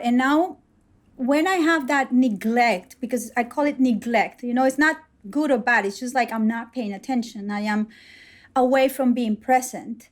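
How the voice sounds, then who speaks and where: Slightly high-pitched and speaking at a normal speed, this woman is a guest in a conversational interview. She shares reflective personal stories, frequently voicing the dialogue herself.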